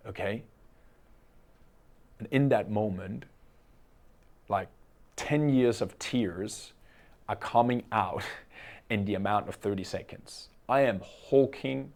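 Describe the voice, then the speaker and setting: A man's voice: lowish voice, darkish tone. A young man telling a personal story to camera in an earnest way, often checking in with "okay?". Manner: earnest, with frequent "okay?" tag questions. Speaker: coach and entrepreneur.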